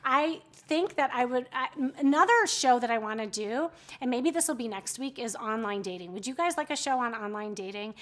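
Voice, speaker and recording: High-voiced, chatty woman selling live. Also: animated, brisk, few pauses, fairly bright tone. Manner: chatty, giggly, self-interrupting. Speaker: livestream shopping host. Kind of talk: casual live-selling chat.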